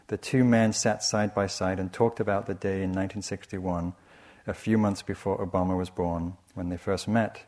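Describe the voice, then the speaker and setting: A man giving a dharma talk as a meditation teacher, speaking softly and reflectively in a measured way. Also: deep voice, steady tone. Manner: soft, measured and reflective, with frequent restarts.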